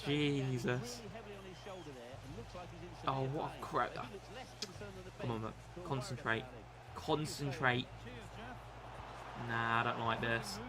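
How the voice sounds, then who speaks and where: A young British man streaming a football game, swearing, self-mocking and excitable. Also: mid-range voice, slow pace, pauses often, a crowd in the background. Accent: British English. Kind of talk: gaming live stream commentary.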